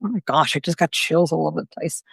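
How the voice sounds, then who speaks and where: A woman's voice: sits low, fast talker, creaky, husky, no echo, clean studio sound. A middle-aged woman, a psychic medium hosting a live video, telling a story in a chatty way with many fillers and quoted voices. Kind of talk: casual storytelling on a live stream.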